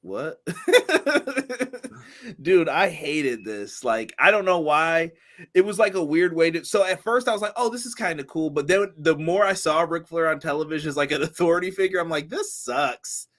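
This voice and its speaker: Male podcast co-host, slightly high pitch, easygoing, laughs often while reading chat. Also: animated, normal speed, fairly bright tone. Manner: laughs often, reads out viewer comments. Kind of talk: casual wrestling review chat.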